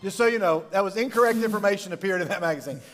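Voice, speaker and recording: Man, high-pitched, middle-aged, youth pastor, joking storyteller, long hall reverb. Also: rapid-fire, fairly bright tone, soft background music. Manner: jokey, rambling storyteller who laughs often. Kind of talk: humorous talk to a live youth audience.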